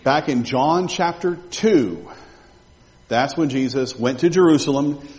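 A male pastor preaching a sermon, animated and full of rhetorical questions to his congregation. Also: fairly high pitch, measured pace. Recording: long reverb of a large hall.

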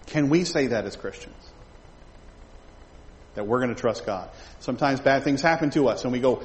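Animated man teaching the Bible in a hall. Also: mid-range voice, moderate pace, pauses often. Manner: animated, conversational, asks the audience questions. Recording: reverberant hall with faint background noise.

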